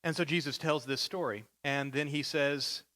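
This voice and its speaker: A man's voice: a little high, steady tone, moderate pace, bright, forceful tone. A male pastor preaching a sermon with vivid, dramatic storytelling.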